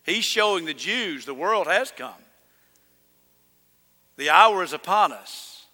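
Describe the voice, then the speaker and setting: A man preaching a sermon as pastor, emphatic, rising to loud declarations. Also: sits high, expressive, slow pace. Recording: reverberant church hall.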